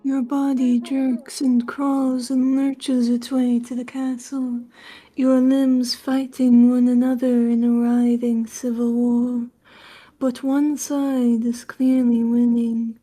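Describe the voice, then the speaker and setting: Sex: woman. Role: measured narrator, high and dark. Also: little pitch movement, rough recording. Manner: measured, with laughs between lines. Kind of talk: live reading narration.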